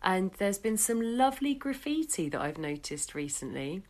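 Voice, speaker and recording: A woman's voice: mid-range voice, sing-song, darkish tone. A woman in casual podcast chat, telling stories and playfully acting out what people said. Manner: unhurried storyteller, acts out quoted voices.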